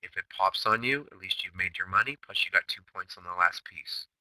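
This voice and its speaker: A low-sitting male voice, fairly quick and pushed bright, runs a brash, emphatic recap of a recorded day-trading chatroom session, heavy on rhetorical questions. The audio is dry and poor.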